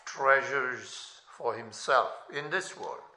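A man preaching a sermon in a slow, deliberate way, lifting his voice sharply on scripture quotations. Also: medium pitch, sharp tone. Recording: echoey room.

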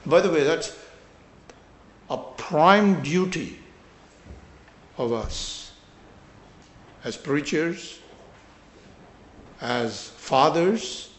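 A man preaching an earnest, urgent sermon, swinging between loud emphasis and quiet drops. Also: on the high side, expressive, very slow, long pauses, roomy sound. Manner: earnest, urgent exhortation with scripture quotations.

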